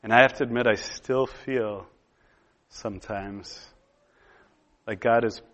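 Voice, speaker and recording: A man in his thirties preaching, telling a personal story in a relaxed conversational way with lots of pauses and fillers. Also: medium pitch. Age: 30s. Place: room with a gathered audience.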